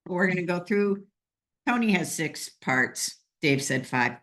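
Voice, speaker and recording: Chatty woman with a lowish voice. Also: lively intonation, unhurried, fairly bright tone. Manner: chatty, joking, many fillers. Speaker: host. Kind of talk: casual team meeting chat.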